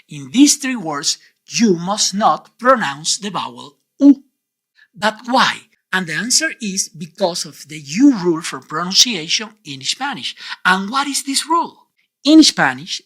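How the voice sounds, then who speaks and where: A man with a high-pitched, fairly bright voice leads an online Spanish pronunciation lesson. He speaks clearly and deliberately and often poses quiz questions to the viewer.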